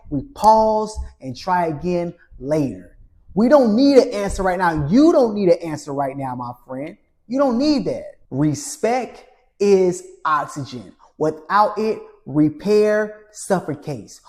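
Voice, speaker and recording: A man coaching in a motivational monologue, preachy and emphatic, listing rules in short punchy phrases and often ending with a soft, low "my friend.". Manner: preachy, repeats "my friend" with a dropped, quiet tail. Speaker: relationship coach.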